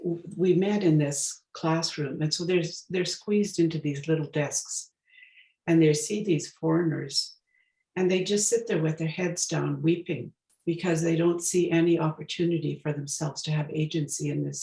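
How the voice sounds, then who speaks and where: A woman's voice: low voice, vocal fry, mellow. Woman telling a story in an echoey room. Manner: reflective, searching for words. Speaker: guest speaker. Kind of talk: storytelling talk.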